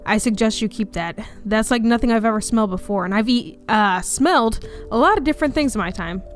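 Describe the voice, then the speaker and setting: Brief: woman reading as a calm, teasing male vampire from a story game, fairly high voice, plain read, faint music behind. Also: brisk, natural voice. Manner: read plainly in her own voice.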